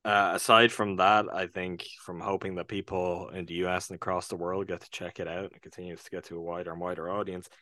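Give me an Irish man with a very low, deep voice, retelling a film on a casual podcast in an earnest, thoughtful way with small hesitations. The sound is close and dry, with no room around it. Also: little pitch movement, a little fast, few pauses, sharp tone, dry recording. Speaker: podcast co-host reviewing films. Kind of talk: casual conversational film review.

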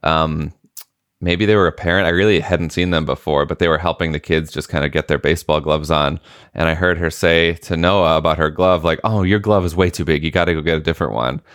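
Low, smooth-voiced man telling stories. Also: fairly even intonation, brisk, a bit bright, no echo, studio quality. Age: late 30s. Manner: storytelling, acts out quoted people in a higher voice. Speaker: podcast co-host. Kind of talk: casual chat.

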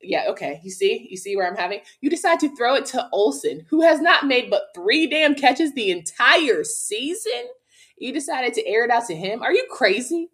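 A woman's voice: on the high side, normal speed. A woman with a Southern accent, co-hosting a sports talk show, ranting about her team with laughs in between. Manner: venting, animated, laughing between rants. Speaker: co-host.

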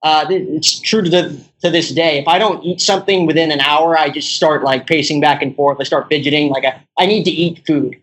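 A man's voice: on the high side, steady tone, a little fast, hardly any pauses, fairly bright tone, poor audio. A young man, a podcast guest telling a story in casual chat, rambling and laughing, with "like" in every other phrase.

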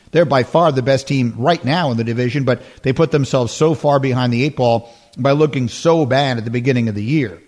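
A man's voice: mid-range voice, darkish tone. A man hosting a sports talk radio show, speaking emphatically and repeating his points.

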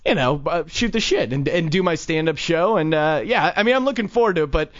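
A man's voice: on the high side, lively intonation, a little fast. A young man hosting a casual talk show, telling stories and laughing often. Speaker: host. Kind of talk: casual chat. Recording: dull lo-fi sound.

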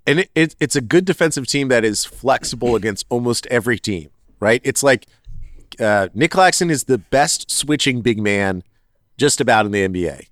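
A man co-hosting a podcast, chatting casually in a rambling, animated way and often correcting himself mid-sentence. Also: medium pitch, moderate pace, no room sound, clean studio sound. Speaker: podcast co-host. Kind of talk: casual sports chat.

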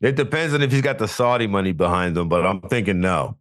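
A man in his thirties on a sports betting podcast, explaining himself in a measured, earnest way. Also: low-pitched, animated, a bit bright, dry recording, studio quality. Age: 30s. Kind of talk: casual sports betting chat.

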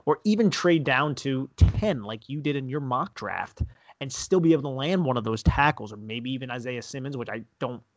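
A man co-hosting a sports podcast, chatting about football in a relaxed, conversational way, calling his partner man and bro. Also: mid-range voice, moderate pace, no room sound. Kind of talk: casual sports chat.

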